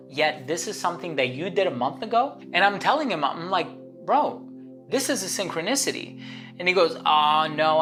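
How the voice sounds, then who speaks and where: A woman hosting her own channel, telling a story to the camera in a chatty, rambling way, full of fillers and restarts. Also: low voice. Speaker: channel host. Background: guitar music.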